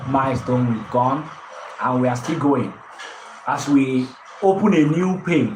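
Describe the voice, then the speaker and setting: A man's voice: mid-range voice, echoey room, background noise. A man co-hosting a live anniversary stream from home, speaking earnestly and prayerfully to his wife and viewers. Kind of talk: heartfelt live chat with viewers.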